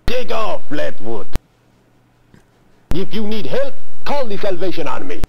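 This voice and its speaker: A haughty photographer with a put-on French accent for an adventure game. His voice is gravelly and swoops wildly up and down as he brushes callers off. He sounds dismissive and brusque. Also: sits high, huge pitch swings, measured pace, slight background noise, exaggerated voice. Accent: fake French. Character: snooty exclusive male photographer, brusque.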